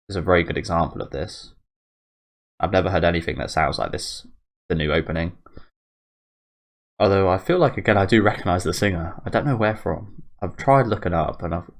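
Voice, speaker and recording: A young man hosting an anime reaction video, rambling casually with lots of fillers and restarts. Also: low voice. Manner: rambling, filler-heavy, self-correcting. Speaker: anime reaction channel host.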